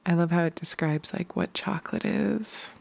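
Tired low-voiced woman, gravelly morning chat. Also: fairly even intonation, moderate pace, a little mellow. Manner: chatty, laughs often, drifts into whispers. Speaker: vlogger.

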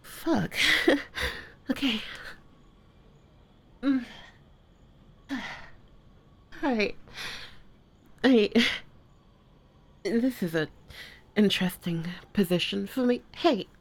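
A woman performing a one-sided audio role-play, swearing freely, often dropping to a hushed whisper and stammering through restarts when flustered. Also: medium pitch, lively intonation, extremely slow, long pauses.

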